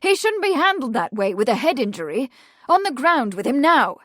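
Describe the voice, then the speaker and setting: A woman voicing a sober, commanding upper-class gentleman in an audiobook. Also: high-pitched, sing-song, normal speed, dry recording, studio quality, voice pushed up, heavily acted.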